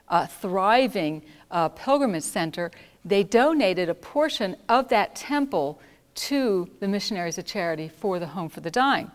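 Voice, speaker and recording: A woman telling personal stories in an earnest, reflective way, pausing and restarting as she recalls them. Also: mid-range voice. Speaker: speaker recounting volunteer work. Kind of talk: personal storytelling talk. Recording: long hall reverb.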